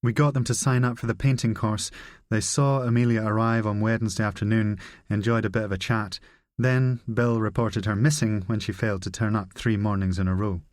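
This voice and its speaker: Brusque profane spy chief read by a male narrator, low voice, dry close sound. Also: steady tone, a little fast, a little mellow, no echo, close to an everyday voice.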